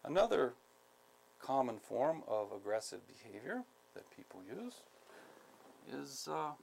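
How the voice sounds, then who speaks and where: Male instructor, very gravelly and creaky voice, slow deliberate lecture with a faint hiss behind. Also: medium pitch, big pitch swings, darkish tone, poor audio. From United States. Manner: deliberate, repeats key points, many ums. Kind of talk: skills training lecture.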